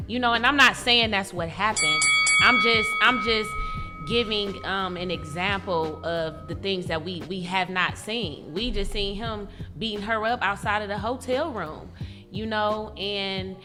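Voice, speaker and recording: A frank, opinionated woman chatting as a talk-show guest, her voice carrying a long room echo. She restarts and trails off as she thinks aloud, with music playing clearly behind her. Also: medium pitch, measured pace. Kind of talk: casual talk-show chat.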